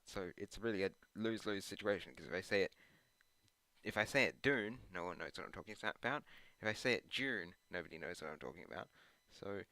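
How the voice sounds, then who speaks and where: A man with a deep voice and a bright, forceful edge, recorded dry and close. He rambles loosely while playing a video game, trailing off into long strings of ums and uhs. Now and then he drops a self-deprecating aside. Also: no room sound. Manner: meandering and hesitant, with many ums and uhs. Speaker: gaming channel host.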